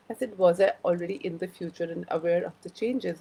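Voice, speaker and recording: A woman's voice: mid-range voice, steady tone, fast, creaky, hardly any pauses, a little mellow, slight background noise, rough recording. A woman hosting a casual live-stream chat, rambling through personal stories and greeting viewers by name. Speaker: host of a live wellbeing chat.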